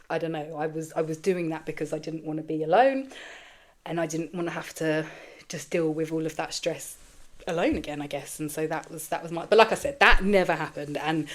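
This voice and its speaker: Low-voiced woman, frank and tearful. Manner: frank and profane, with trailing restarts. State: tearful, emotional. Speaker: podcast host. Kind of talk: candid personal monologue.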